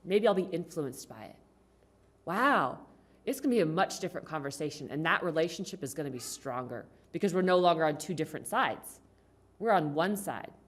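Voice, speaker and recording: A woman's voice: deep voice, expressive, fairly quick. A woman giving a conversational talk to a congregation, asking the audience questions. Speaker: speaker at a congregation. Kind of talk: talk on communication.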